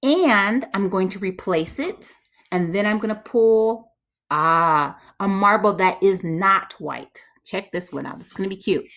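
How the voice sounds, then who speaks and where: A woman's voice: mid-range voice, measured pace, a bit bright. A woman math teacher talking herself through probability problems step by step, chatty and self-correcting. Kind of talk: thinking-aloud math walkthrough.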